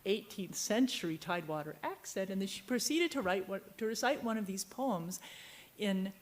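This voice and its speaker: A woman's voice: mid-range voice, animated, normal speed, a little hiss or hum. Rambling woman novelist from Virginia. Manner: digressive, chatty, trails off mid-sentence. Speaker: novelist on a book fair panel. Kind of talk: panel discussion, rambling anecdote. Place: stage at a book fair.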